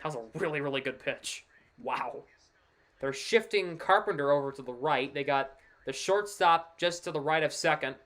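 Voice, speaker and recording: A man with a fairly high voice, talking at normal speed, does relaxed live play-by-play commentary while streaming a baseball game. He stays chatty, perks up with excitement on big plays, and adds offhand asides.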